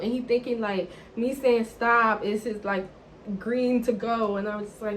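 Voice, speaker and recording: Young woman, slightly high voice, animated storytime vlogger, profane and chatty. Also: measured pace, slight background noise, poor audio. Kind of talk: casual storytime.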